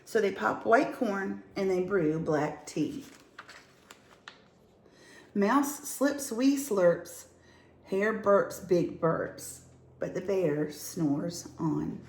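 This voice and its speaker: Woman storyteller, slow and sing-song, echoey room. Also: medium pitch. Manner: lively, sing-song rhymes. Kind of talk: reading a picture book aloud.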